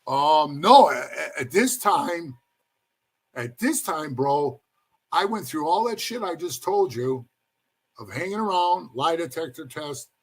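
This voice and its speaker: Guy w a husky kinda high voice rambling thru an old story in an interview, says bro a lot, does everybody's voices. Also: expressive, slow. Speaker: former motorcycle club member telling his story.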